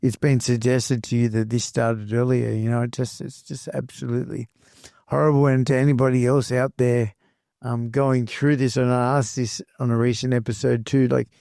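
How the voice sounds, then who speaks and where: A man hosting a podcast interview, gentle and sympathetic. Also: mid-range voice, flat delivery, moderate pace, creaky, dry recording, clean studio sound. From Australia. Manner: gentle, sympathetic, soft-spoken. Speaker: podcast host.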